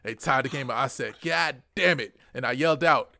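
A man co-hosting a casual podcast, telling a story animatedly and swinging between muttering and excited outbursts. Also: medium pitch, fairly quick, creaky, hardly any pauses, no room sound, clean studio sound. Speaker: podcast co-host. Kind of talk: casual chat.

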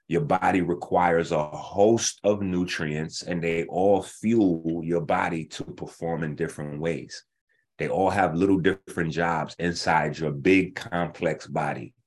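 A man hosting a health show, lecturing bluntly and profanely in a casual rant, slowing down to explain points step by step. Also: low voice, darkish tone, breathy edge. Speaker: host of a natural health show. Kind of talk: ranting casual commentary.

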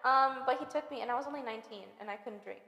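Young woman, podcast co-host, giggly casual talker, higher pitch, long room reverb. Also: fast, muffled recording. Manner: giggly, filler-heavy. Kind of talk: casual chat.

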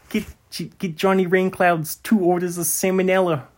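A man putting on a brash high order-barking voice. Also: husky, heavily acted.

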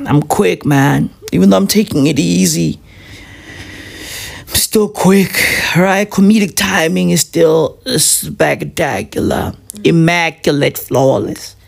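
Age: 30s. Sex: man. Style: slow rambling comic monologue. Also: fairly high pitch, vocal fry. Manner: profane, keeps asking "right?" and "bruv". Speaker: comedian vlogger.

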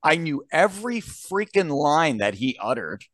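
A man's voice: a little high, sing-song, measured pace, fairly bright tone, dry recording, clean studio sound. A man in a casual podcast chat, making wry, emphatic points as he tells stories. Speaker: podcast guest.

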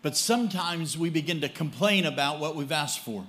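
High-voiced male preacher telling a story. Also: a bit bright. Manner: humorous storytelling, pauses for interpreter. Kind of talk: sermon with live interpretation.

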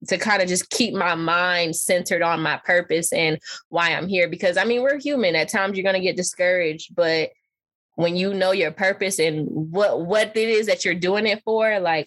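A young woman, an actress and model coach, talking casually as an interview guest, animated and laughing often. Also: on the low side. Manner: animated, laughs often, puts on voices when quoting.

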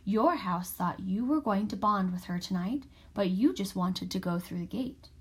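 A woman voicing a kind old female witch who talks quietly and gently in an audiobook. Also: mid-range voice, moderate pace, breathy edge. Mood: patient. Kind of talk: audiobook character voice.

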